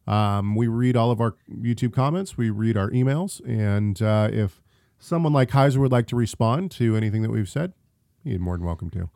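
Man, podcast co-host, low pitch, hesitant casual talk, dry close recording. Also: moderate pace, creaky, dark tone, no echo. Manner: hesitant, many ums and restarts. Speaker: podcast co-host reading listener questions. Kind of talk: casual chat about theology.

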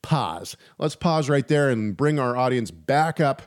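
Guy cohosting a faith podcast, chatty and animated, keeps restarting his sentences. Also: mid-range voice, a little slow. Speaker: podcast co-host. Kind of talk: casual chat on faith.

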